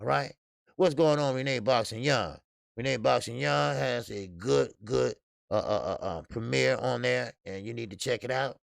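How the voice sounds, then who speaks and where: A man's voice: medium pitch, normal speed, gravelly, no echo, studio quality. A man hosting a casual boxing live stream, blunt and profane, laughing often and greeting chat viewers. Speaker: boxing show host.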